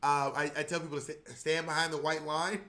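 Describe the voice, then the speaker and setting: A man co-hosting a podcast in casual chat, animated and laughing, often acting out voices. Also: a little high, fairly quick, a loud crowd. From not from New York. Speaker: podcast co-host.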